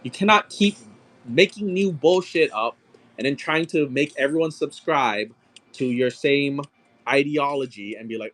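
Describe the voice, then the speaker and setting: Medium-pitched and measured, a man in his thirties auctions goods on a live stream. He talks casually, swears a lot as he tells a lively story, and keeps calling out the numbers for each sale.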